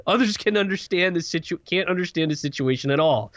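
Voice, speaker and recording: A man with a high, lively voice co-hosts a casual podcast, reading odd stories aloud and tossing in dry quips. The sound is close and dry, a little dull. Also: fairly quick, few pauses, no room sound. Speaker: podcast co-host.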